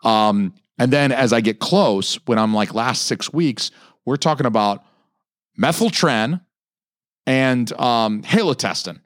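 A man's voice: takes it slowly, no echo, clean studio sound. A man in his thirties hosting a podcast, ranting in a casual, profane way and mimicking other people's lines in a raised voice. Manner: animated, heavy swearing, mock-quoting others in raised pitch. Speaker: podcast host.

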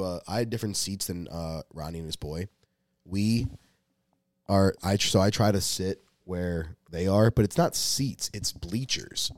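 Young guy, low voice, dry studio sound, rambling, swears constantly, casual storyteller. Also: a little mellow, no echo. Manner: rambling, profane, restarts often. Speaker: podcast co-host.

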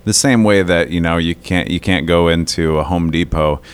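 A man's voice: low voice, moderate pace, clear, resonant tone. A man in casual conversation on a podcast, explaining things at length with many ums and uhs. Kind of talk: casual chat.

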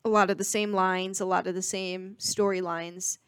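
A woman's voice: fairly low pitch, little pitch movement, normal speed, clear, resonant tone, no echo. Woman giving her opinions on a podcast, dry sound. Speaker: podcast co-host. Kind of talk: casual chat.

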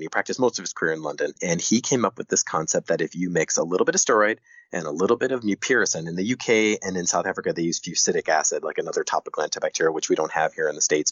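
A male doctor tells his stories fast and with energy, acting out every line he quotes. His voice is low and husky. The recording is dry and a little dull. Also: no room sound. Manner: animated storyteller, acts out quoted dialogue. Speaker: doctor, podcast guest. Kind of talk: casual interview talk.

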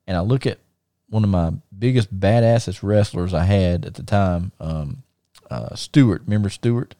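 A man's voice: on the low side, moderate pace, no echo, clean studio sound. A middle-aged man, hosting a podcast and telling a story in casual chat, acting out the voices of the people in it. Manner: animated storyteller, acts out quoted voices; frequent fillers and restarts. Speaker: podcast host.

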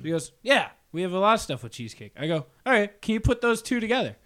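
A podcast co-host with a high, bright, sing-song voice tells a funny story at a quick clip. He laughs along and acts out both sides of the dialogue on this casual show.

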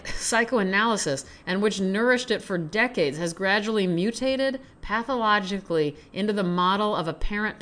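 A woman hosting a podcast, reading essays aloud and chatting casually, swearing freely, worn out yet fired up. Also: mid-range voice. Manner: profane, excitable, self-mocking. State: exhausted, recovering from surgery.

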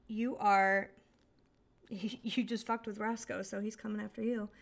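A woman running a tabletop game as game master, laughing often and pausing on fillers. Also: medium pitch, flat delivery, creaky.

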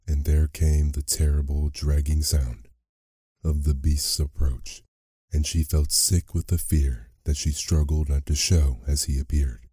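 A man narrating a bedtime sleep story in a slow, soft, measured way. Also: extremely low pitch, husky, no echo, studio quality.

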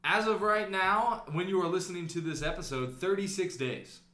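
A man's voice: high-pitched, normal speed, sharp tone, roomy sound. A man co-hosting a casual sports podcast, joking and laughing often. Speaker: podcast co-host.

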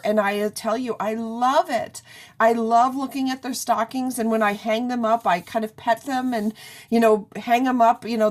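A middle-aged woman hosting an interview in a chatty, rambling way, full of "you know". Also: on the high side. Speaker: radio interview host. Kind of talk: casual chat.

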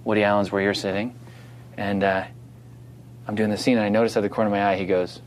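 A man from New Jersey telling a story in casual chat, animated and laughing, acting out the other people's voices. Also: lowish voice, fast, slight background noise.

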